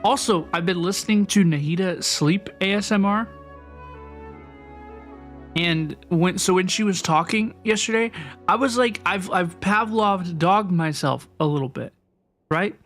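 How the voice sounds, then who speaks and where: A man's voice: sits high, measured pace, a bit bright, soft background music. A young man streaming a video game, chatting playfully with his viewers and often repeating his phrases. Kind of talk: casual live-stream chat while gaming.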